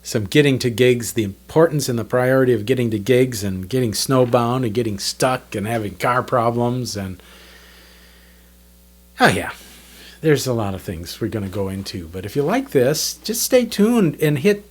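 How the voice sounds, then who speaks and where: A man's voice: mid-range voice, lively intonation, moderate pace, slightly rough. A man in his fifties recounts his gigging days in a loose, chatty monologue. He rambles, restarts his sentences and keeps the tone casual. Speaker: channel host, drummer.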